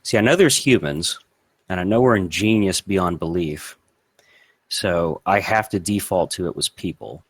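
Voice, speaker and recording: A man's voice: low-pitched, normal speed, slightly rough, no echo. A man in casual chat, explaining ideas with confident, matter-of-fact ease and the odd swear word.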